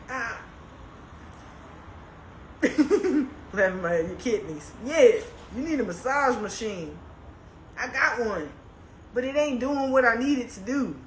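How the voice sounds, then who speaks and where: A woman's voice: on the high side, a bit bright. A woman chatting casually on a livestream, laughing as she complains dramatically about a stiff, sore neck and reads out comments. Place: indoors, on a couch. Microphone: phone. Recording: echoey room, faint noise.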